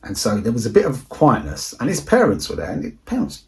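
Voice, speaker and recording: A man's voice: medium pitch, huge pitch swings, fairly quick, gravelly. A man, telling a rambling school anecdote in a casual, chatty way on his movie vlog. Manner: rambling, repeats himself, chatty retelling. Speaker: movie collector vlogger.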